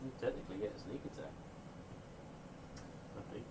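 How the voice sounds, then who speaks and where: A man's voice: lowish voice, normal speed. A man, playing a tabletop game with an offhand, teasing manner. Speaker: player. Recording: background noise.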